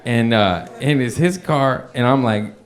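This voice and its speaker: On stage before a live audience that laughs along, a young stand-up comedian tells a long story in a loose, profane style, chuckling as he goes. His voice is medium-pitched and a little slow.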